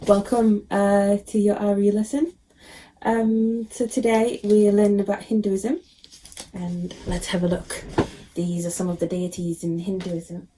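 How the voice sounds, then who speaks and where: A woman teacher reading a picture book aloud to children, expressive and with frequent ums. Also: medium pitch, unhurried, a little hiss or hum.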